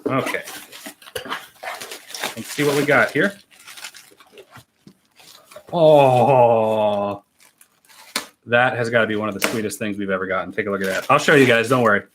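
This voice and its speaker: A man's voice: medium pitch, unhurried, pauses often, fairly bright tone, slight background noise. A friendly young man hosting a livestream. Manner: friendly, thanks viewers one by one. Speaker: YouTube reaction channel host. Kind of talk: casual livestream chat reading fan mail.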